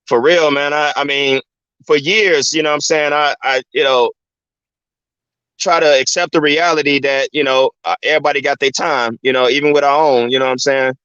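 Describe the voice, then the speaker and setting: A man's voice: on the high side, steady tone, normal speed, fairly bright tone, clear, resonant tone, no room sound. Brief: casual male host, slightly raised voice, dry and muffled lo-fi recording. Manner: loose and conversational, keeps saying "you know what I'm saying". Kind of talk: casual commentary monologue. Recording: dry, dull lo-fi sound.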